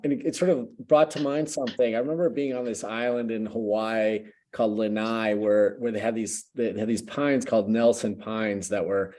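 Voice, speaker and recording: A man's voice: fairly low pitch, warm tone. A man from a tasting club, politely and hesitantly asking a long question with many fillers.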